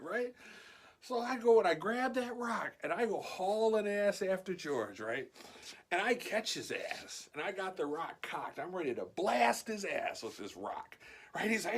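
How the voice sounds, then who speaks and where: A man casually telling a story in his vlog, animated and swearing freely. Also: high voice, moderate pace, a little hiss or hum.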